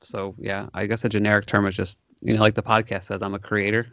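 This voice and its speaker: Gravelly low-voiced male co-host. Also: little pitch movement, fast, pushed and bright, no echo. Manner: hesitant, filler-heavy. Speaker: podcast co-host. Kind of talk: casual podcast chat. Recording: dull dry lo-fi sound.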